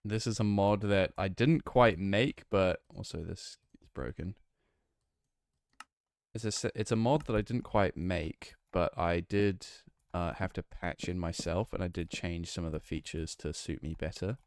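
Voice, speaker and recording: A young man with a northwest English accent near Manchester, talking casually to his live-stream chat while he plays. His voice sits very low, and the sound is dry and close. He rambles, restarts sentences and reads chat messages aloud. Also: unhurried, darkish tone, smooth, no room sound. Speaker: game streamer.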